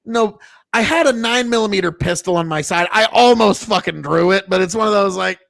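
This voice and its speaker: A man's voice: sits high, a little fast, vocal fry, fairly bright tone, dry recording, studio quality. A man from Nebraska hosting a podcast, telling rambling, profanity-laced stories in casual chat. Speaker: podcast host.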